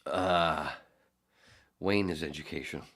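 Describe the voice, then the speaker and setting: A man's voice: a bass voice, fairly even intonation, a little slow, a bit bright. A man hosting a casual podcast, reading out chat comments and rambling through crude, profane jokes. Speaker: podcast host.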